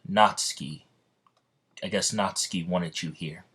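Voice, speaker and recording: A sorrowful, mysterious witch who pleads softly to be saved, read out by a man. The voice stays deep and low and barely changes from the storyteller's own. It sounds like a casual spoken fan story. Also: unhurried, husky, full character voice. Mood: pleading.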